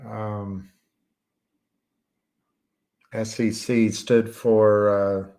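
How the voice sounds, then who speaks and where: A man with a lowish voice talks in a loose, rambling way, as if reading and answering comments on a live stream. He speaks slowly, often stalling mid-sentence and hunting for a word with ums and uhs. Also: flat delivery, warm tone. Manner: halting, searches for words with many fillers. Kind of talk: casual rambling chat.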